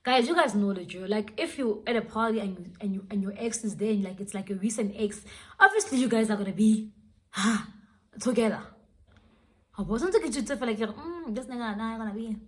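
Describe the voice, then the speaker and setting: A woman's voice: medium pitch, a little fast, fairly bright tone. A young woman telling a dramatic storytime vlog, switching languages as she goes. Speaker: vlogger. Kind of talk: storytime vlog, casual chat.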